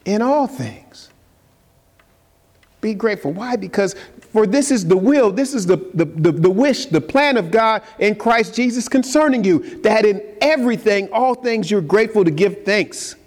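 A man's voice: high voice, animated, normal speed, a little mellow. A man preaching a sermon, emphatic and calling out to his congregation. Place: church sanctuary. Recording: long reverb of a large hall, faint noise.

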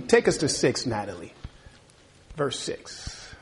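Guy preaching a sermon, kinda husky, calls out amen and reads verses. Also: mid-range voice, lively intonation, slow pace, long pauses. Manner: preaching with call-and-response, reading scripture aloud. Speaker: pastor.

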